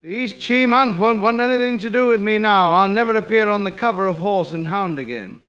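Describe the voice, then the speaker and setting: A man voices a pompous suburban gent, self-pitying and quick to indignation, for an AI-voiced comedy sketch. The voice sits high with a somewhat bright, clean tone, though the audio is dull.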